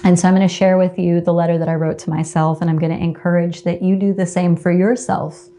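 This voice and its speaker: A woman leading a yoga class, speaking slowly and tenderly with drawn-out cues. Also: fairly low pitch, flat delivery, dark tone, a little hiss or hum. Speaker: yoga teacher. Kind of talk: guided yoga class with a read-aloud personal letter.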